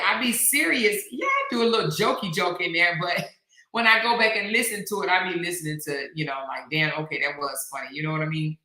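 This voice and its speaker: A woman's voice: medium pitch, bright, forceful tone, reverberant. A middle-aged woman hosting a casual live stream, chatty and slangy, reading viewer comments aloud. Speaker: host.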